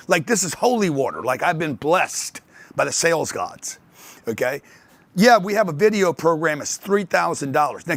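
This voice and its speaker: Animated older man telling stories. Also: fairly high pitch, no echo. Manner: animated storytelling, acts out others' voices. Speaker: speaker on sales and wealth. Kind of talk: motivational talk to an audience.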